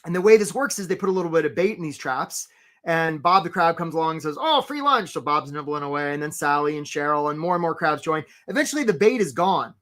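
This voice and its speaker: A man hosting a live career webinar. He talks with energy, keeps asking "right?" and gives quick shout-outs to viewers. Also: a little high. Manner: acts out voices for stories, playful.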